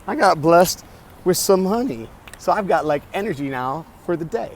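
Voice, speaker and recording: A man tells a loose, cursing story straight into his phone while out riding a bike. His voice sits slightly high, and he keeps circling back over his own sentences. Street and vehicle noise runs clearly underneath. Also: animated, normal speed. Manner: rambling, profane, self-talk with restarts. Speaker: vlogger. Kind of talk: casual storytelling vlog. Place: outdoors in a city on a bike ride. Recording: outdoor city noise behind.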